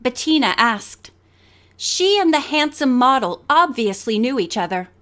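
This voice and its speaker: A woman narrating an audiobook with expressive storytelling. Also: sits high, unhurried. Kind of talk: scripted narration.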